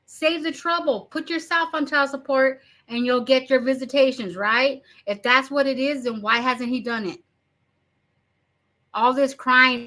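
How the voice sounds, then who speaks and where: A woman from Arizona talks straight to her viewers in a blunt, swearing rant on her commentary channel. Her voice sits a little high and sounds bright and forceful. She mocks the people she quotes in a casual, unscripted way. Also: steady tone, a little slow.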